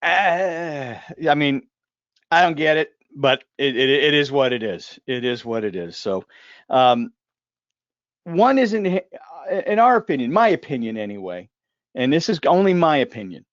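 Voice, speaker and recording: A man's voice: mid-range voice, sing-song, normal speed, no room sound, highs cut off. A man hosting a casual live discussion, talking in a joking, rambling way full of asides and restarts. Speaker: host.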